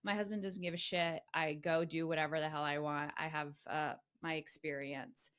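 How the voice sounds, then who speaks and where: A woman in middle age hosts a podcast and tells her own story with candid, emphatic energy. Her voice sits a little low, and she swears freely as she tells it. She sounds animated and unfiltered. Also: normal speed, clear, resonant tone. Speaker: podcast host.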